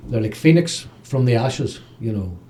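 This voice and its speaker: A man's voice: medium pitch, slight background noise. Give me a chatty Northern Irish man hosting. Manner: lively, chatty, quick to laugh. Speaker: radio host. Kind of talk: casual chat.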